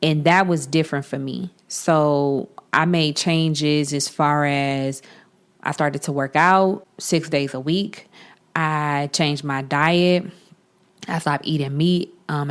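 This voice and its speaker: A woman in her thirties from Chicago, a podcast host telling her own story in a candid, animated way and acting out the dialogue. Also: sits low, creaky. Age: 30s. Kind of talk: casual personal storytelling.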